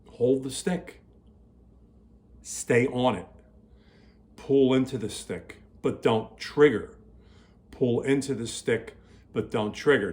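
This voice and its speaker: A man teaching drum hand technique in a relaxed, repetitive way, demonstrating as he talks. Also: medium pitch. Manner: relaxed, repeats himself, talks while playing. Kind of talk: casual demonstration lesson. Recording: loud drumming behind the voice. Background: drum kit playing.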